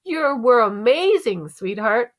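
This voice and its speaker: A woman's voice: on the high side, big pitch swings, normal speed, fairly bright tone, pitched above the performer's own voice, full character voice. A woman voicing a proud, cheerful father who gives hearty, emphatic praise in a story read aloud.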